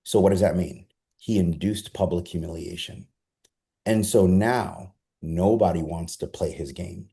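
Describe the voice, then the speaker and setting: A man coaching a group live on a video call, energetic and persuasive, often asking his audience rhetorical questions. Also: sits low, a little slow, vocal fry. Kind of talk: live online coaching session.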